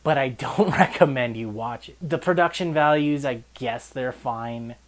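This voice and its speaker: A man's voice: medium pitch, a little slow. A man giving a casual, profane film review, with sarcastic, exasperated rants broken up by laughter.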